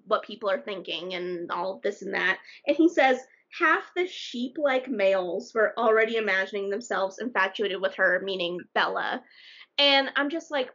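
Chatty woman, lo-fi recording. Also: medium pitch. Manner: chatty and animated, with self-interrupting restarts. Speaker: podcast co-host. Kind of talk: casual book discussion.

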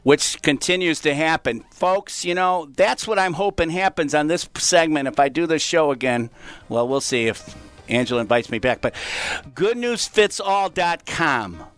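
A man's voice: fairly high pitch, animated, moderate pace, fairly bright tone. A man hosting a radio segment, telling a story in a folksy way and talking to listeners as folks. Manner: folksy, addresses listeners as folks, acts out voices in stories. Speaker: radio show segment host, teacher. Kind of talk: storytelling on a talk show.

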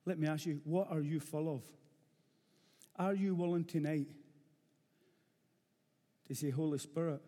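A middle-aged Glaswegian man preaches a blunt, earnest sermon in a rough-edged Scottish voice that sits a little high for a man. He hammers his points home by repeating phrases. His words ring out with a long hall reverb. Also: fairly even intonation, a little slow, long pauses, dark tone. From Scotland, Glasgow.

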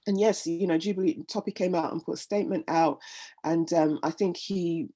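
In a candid personal interview, a middle-aged woman tells her own story earnestly and from the heart, often repeating words as she gathers her thoughts. Her lowish voice is mellow and slightly rough, with a steady tone and moderate pace.

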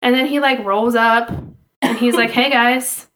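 A woman co-hosting a podcast in casual chat, joking and acting out characters in quick voices. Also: fairly high pitch, steady tone, a bit bright, slight background noise. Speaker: podcast co-host.

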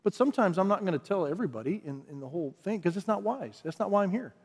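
A man with a fairly high voice preaching to his congregation. He talks like he's chatting, then leans into emphatic repeated lines. His voice rings out with a long reverb from a big church hall. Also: animated, fast, darkish tone, slightly rough. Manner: conversational preaching, builds to emphatic repeated phrases. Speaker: pastor. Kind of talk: sermon.

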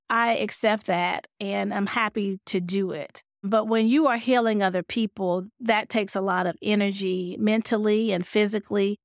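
A woman's voice: medium pitch, no room sound, clean studio sound. A woman physician speaking candidly about burnout in a conversational talk, now and then acting out her own thoughts. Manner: candid, animated, acts out quoted thoughts.

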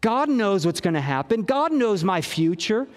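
High-pitched guy preaching, slow earnest delivery, repeats phrases, echoey church hall. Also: big pitch swings. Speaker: pastor. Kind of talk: sermon.

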